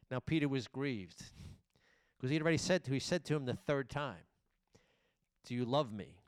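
Man preaching with dramatic loud-soft swings. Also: medium pitch, lively intonation, normal speed, dry recording. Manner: dramatic retelling, swings between loud and hushed. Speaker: pastor. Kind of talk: sermon.

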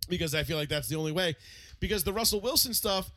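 A man talks sports in a loose, animated way, swearing as he goes and restarting his sentences. His voice is bright and a bit high. The sound is dry and close. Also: fast talker, no room sound. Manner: animated, profane storytelling with lots of restarts. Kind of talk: casual sports chat.

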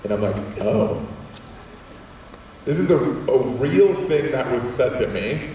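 A man telling a personal story to an audience of students, animated and quick to act out voices, with many restarts. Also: medium pitch, slight background noise. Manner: animated, acts out voices, repeats words. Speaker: speaker addressing students. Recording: echoey hall from far off.

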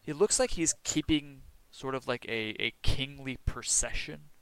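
Bright, crisp-voiced man running the game. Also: medium pitch, moderate pace, no room sound, poor audio. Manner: relaxed, chatty, joking asides. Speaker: game master. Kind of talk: narrating a tabletop game.

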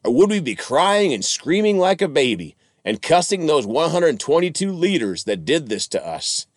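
A man's voice: fairly high pitch, very animated, moderate pace, no room sound, clean studio sound. A man reading Bible verses aloud and commenting on them for his listeners in the manner of a sermon. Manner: reads verses, then addresses listeners as friends and folks. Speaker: preacher.

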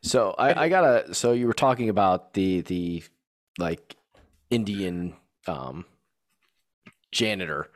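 A man's voice: low-pitched, animated, slow, pauses often. A man in casual chat, telling a rambling story about his young son, full of restarts and fillers.

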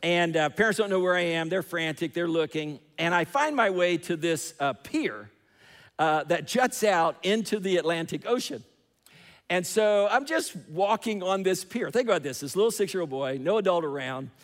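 A man's voice: high voice, animated, moderate pace, a bit bright. A man preaching a sermon, telling a story with emphatic repetition, in a large church hall. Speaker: pastor. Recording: long hall reverb.

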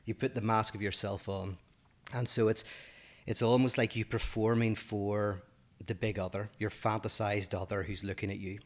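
A man with a Northern Irish accent co-hosts a podcast, explaining ideas at length and thinking aloud in a casual philosophical discussion. His voice is fairly low, with little pitch movement, and he talks at normal speed.

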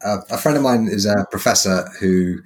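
A man hosting a podcast interview, thoughtful and anecdotal, telling stories with frequent pauses and fillers. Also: fairly low pitch. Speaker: podcast host. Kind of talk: casual interview chat.

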